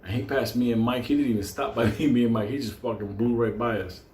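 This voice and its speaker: A man's voice: medium pitch, fast. Crude, rambling male storyteller. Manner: crude, rambling, animated, acts out voices. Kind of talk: profane comedic storytelling. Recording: roomy sound with faint ambient noise.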